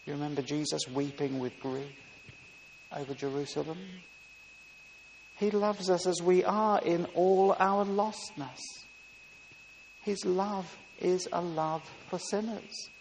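A man preaching a sermon with emphatic delivery, dropping soft and rising loud. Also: high voice, flat delivery, slow, pauses often. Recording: long reverb with faint hiss.

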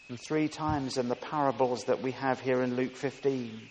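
A man preaching a sermon with emphatic delivery, dropping soft and rising loud. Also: mid-range voice, fairly even intonation, moderate pace, few pauses. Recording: long reverb with faint hiss.

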